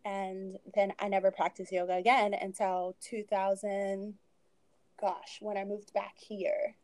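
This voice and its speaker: Mellow-voiced woman telling her story. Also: medium pitch, flat delivery, unhurried, no room sound. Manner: conversational, frequent fillers and laughing asides. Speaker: podcast guest. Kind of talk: candid personal storytelling.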